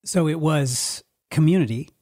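A man hosting an interview, asking gentle, thoughtful questions in a measured way. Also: a little high. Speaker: podcast host.

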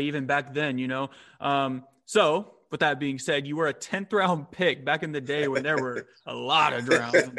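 A man hosting a casual interview, relaxed, who gives short encouraging reactions and asks easygoing questions. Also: a little high. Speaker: podcast host.

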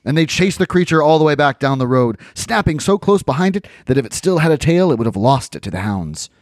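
A man hosting a podcast, reading a folk tale aloud with animated storytelling and chatty asides. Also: mid-range voice, brisk, no echo, studio quality.

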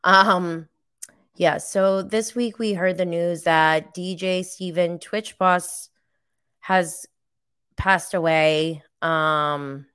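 A woman hosting a casual recap podcast, rambling and giggling between thoughts. Her voice sits a little low and sounds smooth and clear. She takes her time with every phrase. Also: steady tone, extremely slow, fairly bright tone. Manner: chatty, giggly, rambling with fillers. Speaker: podcast host. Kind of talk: casual live recap chat.

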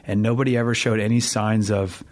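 A man recounting a personal story in a relaxed, earnest way, chatting casually with his partner. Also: on the low side, fairly quick. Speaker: new father, co-host.

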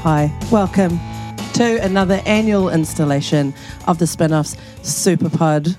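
A woman's voice: lowish voice, a little slow, music in the background. A woman co-hosting a casual podcast, welcoming listeners. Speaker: podcast co-host. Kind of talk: casual group podcast chat.

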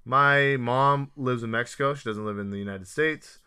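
A man with a bright, forceful voice co-hosts a casual podcast. He tells stories loosely, joking and swearing as he goes. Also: mid-range voice, normal speed, clean tone. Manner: joking, profane storytelling. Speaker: podcast co-host. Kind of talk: casual chat.

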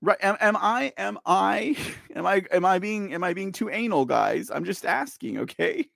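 During ranting live commentary, a livestream news host reads viewer chat, laughs frequently, repeats himself and sounds exasperated. His voice sits high, very animated and gravelly, a bit bright, at normal speed. It's a clean studio recording with no room sound.

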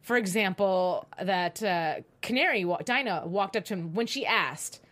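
A woman co-hosting a casual TV recap chat, lively and analytical as she talks. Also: medium pitch. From United States. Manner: lively, analytical, quick to laugh. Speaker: co-host.

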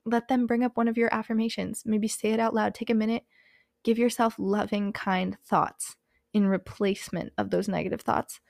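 A young woman hosting a podcast speaks at a moderate pace in a level, mid-range voice that's gravelly and a bit mellow. She's of Hispanic background, country unstated, and her candid motivational chat is heavy with "like" and "um," recorded dry with clean studio sound.

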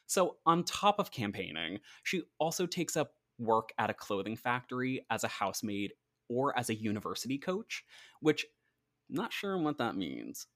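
A man's voice: medium pitch, very animated, normal speed, a bit bright, no echo, studio quality. A man co-hosting a podcast, telling a history story in a chatty, casual way with lots of "like". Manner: chatty, uses "like" often, acts out quotes. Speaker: podcast co-host.

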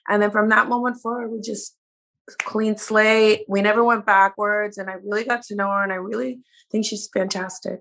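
A woman's voice: medium pitch, little pitch movement, moderate pace, creaky, fairly bright tone. A woman guest speaking candidly in a casual interview, sometimes losing her words. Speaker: reality show cast member guest.

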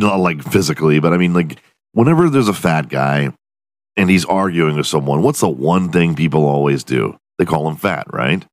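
Alone in his room, a male podcast host delivers a profane, self-mocking comedic rant. His voice sits low, and the sound is clean studio quality without echo.

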